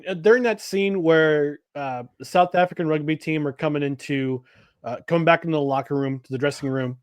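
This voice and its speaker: A man co-hosting a casual sports podcast, talking in an animated, joking way and laughing easily. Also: a little high, brisk, smooth, dry recording, studio quality. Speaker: podcast co-host.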